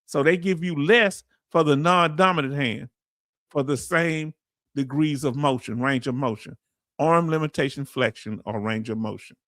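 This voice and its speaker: His voice sits on the high side, a bit bright, moving at a normal speed. He's a Southern US man hosting a laid-back livestream, reading viewers' comments and chatting loosely as he explains things, in clean, echo-free studio sound.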